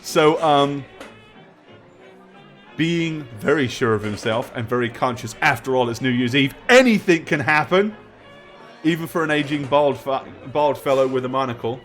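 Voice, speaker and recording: A man's voice: mid-range voice, normal speed, fairly bright tone, faint music behind. A man narrating a tabletop game as game master, chatty and rambling. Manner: chatty, rambling, laughs often.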